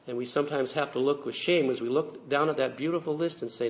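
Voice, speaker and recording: A man's voice: mid-range voice, steady tone, fast. Earnest male preacher, lo-fi. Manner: storytelling, earnest and reflective. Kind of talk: sermon. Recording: dull lo-fi recording.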